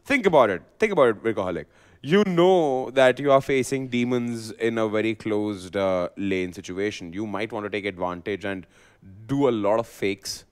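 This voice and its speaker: Guy casting esports, crisp clear voice, gets loud and jokey. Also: on the low side, moderate pace. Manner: playful, excitable, teasing co-caster. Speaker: esports caster. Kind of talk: live esports commentary.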